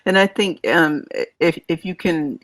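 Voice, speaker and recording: A woman's voice: fairly low pitch, moderate pace, a bit bright, no echo. A woman hosting a podcast interview, attentive and affirming, asking probing questions and sharing her own story. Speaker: podcast host. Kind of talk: interview conversation.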